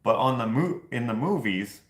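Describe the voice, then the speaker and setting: A man's voice: medium pitch, expressive, moderate pace. A man hosting a casual chat, telling rambling stories and laughing at his own jokes. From Canada. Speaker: show host. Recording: echoey room.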